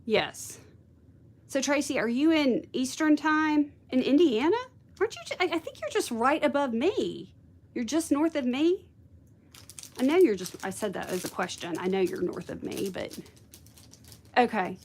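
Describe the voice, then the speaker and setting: A woman's voice: high-pitched, expressive, normal speed. A woman hosting a casual craft livestream, chatting with viewers and thinking aloud. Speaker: craft video host.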